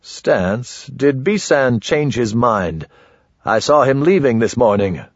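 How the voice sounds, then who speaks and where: An anxious, stubborn older father, voiced by a male narrator, pressing his point with husky urgency. The sound is dry and a bit muffled, close to the mic. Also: medium pitch, animated, slow pace, no echo. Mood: urgent.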